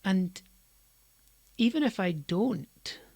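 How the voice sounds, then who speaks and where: A woman teaching a language lesson, explaining slowly and deliberately and stressing words in her example sentences. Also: medium pitch, lively intonation, darkish tone, breathy edge, no echo.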